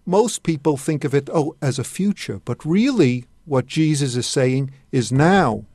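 Radio guest man, mid voice, reflective, short pauses, dry booth. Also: medium pitch, animated, dark tone, no room sound. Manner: reflective, pausing between short phrases. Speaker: studio guest. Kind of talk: religious discussion on radio.

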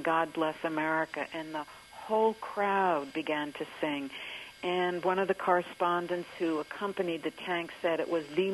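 A woman with a lowish voice speaks as an author in a radio interview, recounting events in a measured storytelling way. She pauses often and fills gaps with soft ums and uhs. A faint hiss sits under the recording. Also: poor audio. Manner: storytelling, thoughtful with frequent um and uh.

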